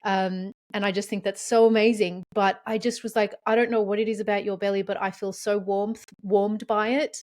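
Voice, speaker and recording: A woman's voice: medium pitch, moderate pace, hardly any pauses. A woman hosting a podcast, telling personal stories in casual conversation, open and emotional. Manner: open, emotional, animated storytelling. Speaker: podcast host.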